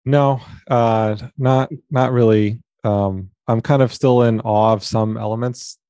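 A relaxed male guest with a warm, mellow voice who often checks in with "right?". The recording is dry, with no room echo. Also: medium pitch, slow pace. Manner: relaxed, hedging, frequent "right?" tags. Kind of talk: casual business chat.

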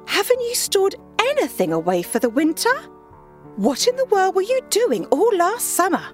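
A woman voicing a crowd of hardworking ants in a storybook, in a shrill, scolding tone. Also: wildly swooping pitch, normal speed, soft background music, exaggerated voice. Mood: astonished. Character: scornful hardworking ant colony, shrill.

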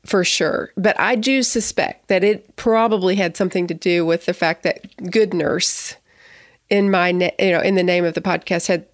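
A woman in her thirties hosting a podcast, chatting in a rambling, excitable way with frequent restarts. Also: on the low side, normal speed, no room sound, clean studio sound. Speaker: podcast host. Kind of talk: casual podcast chat.

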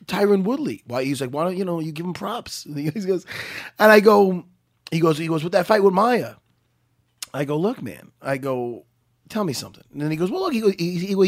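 A man co-hosting a podcast, telling a story in a casual, animated way and acting out other people's voices. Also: high voice, no room sound, studio quality. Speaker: podcast co-host. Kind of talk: casual chat.

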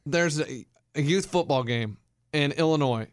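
A man co-hosting a casual talk show, relaxed and rambling as he tells anecdotes. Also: on the high side, normal speed. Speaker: co-host. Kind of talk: casual radio chat.

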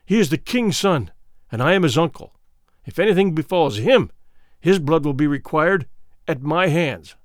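A man voicing a cautious, wary old tribal elder who speaks gravely and pleads. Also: on the high side, animated, moderate pace, no room sound, studio quality, natural voice.

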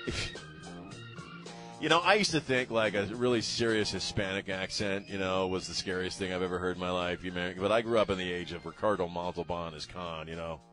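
Rambling low-voiced talk radio host. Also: male voice, a little fast, a bit bright, faint music behind. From Maryland, USA. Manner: rambling and emphatic, many fillers.

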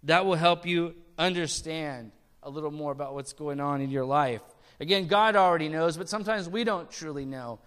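A man preaching a sermon, his voice pitched high and bright with a crisp, resonant clarity. He talks to the congregation conversationally, tossing out rhetorical questions and small jokes. A long hall reverb trails behind each phrase. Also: normal speed. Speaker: pastor.

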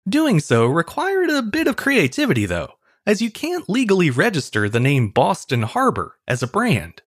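A man's voice: high voice, huge pitch swings, normal speed, no room sound, studio quality. A man hosting a history podcast, reading a scripted story in a wry, storytelling way. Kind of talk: scripted narration.

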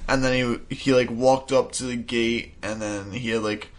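Male co-host, casual chat, quippy sidekick, mid-pitch voice. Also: steady tone, normal speed. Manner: joking, chiming in with quips. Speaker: podcast co-host. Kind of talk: casual chat recapping a show.

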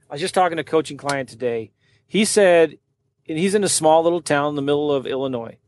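Man, slightly high-pitched, casual storytelling monologue, animated, acts out quotes, podcast host. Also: fast talker, dry recording. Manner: animated, acts out other people's lines in quoted voices. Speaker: real estate wholesaler and podcast host.

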